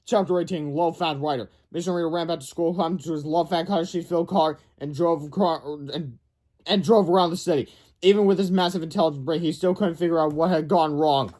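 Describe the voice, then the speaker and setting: A man's voice: a little high, a little fast, a little mellow. Man reading a kids' book aloud. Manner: stumbling, self-correcting. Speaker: read-aloud narrator.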